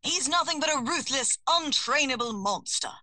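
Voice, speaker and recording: Woman putting on a pompous British male hummingbird, deep voice, fussy, formal, bright and crisp, audiobook. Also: lively intonation, moderate pace, no room sound, full character voice. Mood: indignant. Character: arrogant uptight British male hummingbird familiar. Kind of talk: audiobook character voice.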